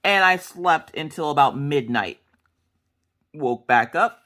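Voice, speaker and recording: A woman's voice: sits low, animated, slow, a bit bright. A woman in her thirties chatting casually while she crafts, rambling through family stories and acting out the dialogue. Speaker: crafting vlogger.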